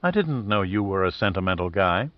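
A man reading the lines of a brisk, affectionate woman, near his own voice, on a dull dry recording. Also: sits low, very animated, no echo, pitched below the performer's own voice. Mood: wistful.

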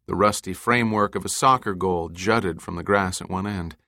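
A man giving scripted audiobook narration, measured and deliberate. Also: low voice, sharp tone, no room sound, clean studio sound.

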